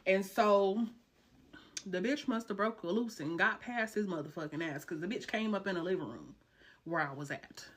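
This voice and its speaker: A woman's voice: mid-range voice, moderate pace. A woman telling a dramatic personal story in a casual vlog, cursing freely and talking in slang. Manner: animated, profane, slangy storytelling.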